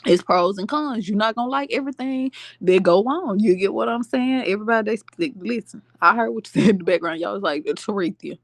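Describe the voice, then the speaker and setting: A woman hosting a podcast, giving casual commentary in a slangy, animated way and often checking in with her listeners. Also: medium pitch, quick pace, hardly any pauses, no room sound. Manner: slangy, animated, keeps asking "you get what I'm saying". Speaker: podcast host.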